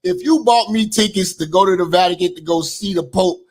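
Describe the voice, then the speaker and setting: A man hosting a commentary channel, reacting to news clips with loud mocking remarks. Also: high-pitched, fairly quick. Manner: loud mocking reactions, shouts, sing-song outro.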